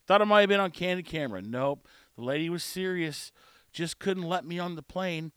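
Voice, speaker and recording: A podcast host with a fairly high, clear, resonant and fairly bright voice rants animatedly and fairly quickly, recorded dry with clean studio sound. Exasperated and getting worked up, he retells a frustrating day through repetitive storytelling with quoted dialogue.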